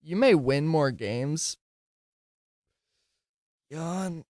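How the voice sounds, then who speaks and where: A man's voice: on the low side, moderate pace, a little mellow, dry recording, studio quality. A tired man hosting a casual solo podcast, rambling and giggling, slurring his words at times. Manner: giggly, rambling, self-deprecating. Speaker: podcast host.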